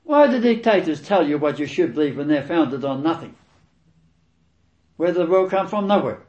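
A man preaches through scripture with a fairly high, highly animated voice. He hammers key words, swinging between loud stresses and quiet asides. The sound carries a roomy echo. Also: moderate pace, dull audio. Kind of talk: expository sermon reading and commenting on scripture.

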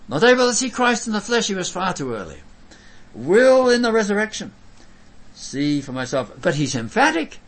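A male preacher giving an emphatic sermon, swinging from loud bursts to soft, low lines. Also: rough recording.

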